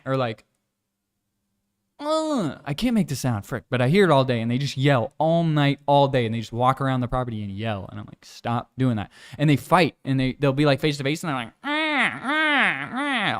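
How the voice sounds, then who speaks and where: A young man chatting casually in a laid-back, rambling vlog, often mimicking animals and people in high squeaky voices. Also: smooth. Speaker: vlogger. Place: outdoors on a hillside village walk.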